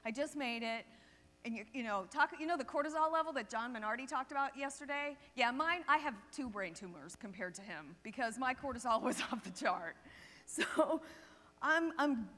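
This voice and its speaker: A woman chiropractor giving a seminar talk, telling lively anecdotes and checking in with the audience. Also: high-pitched, moderate pace. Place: seminar hall stage. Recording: long reverb of a seminar hall.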